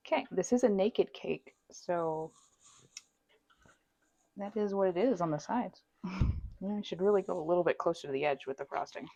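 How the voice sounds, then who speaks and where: A home-baking woman talks casually in a slightly low voice with a gravelly, fry-tinged edge. She is self-deprecating and laughs often. A wireless mic in her kitchen captures her close and dry. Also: normal speed, pauses often, warm tone, no room sound, muffled recording. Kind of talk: casual chat while decorating a cake. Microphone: wireless microphone.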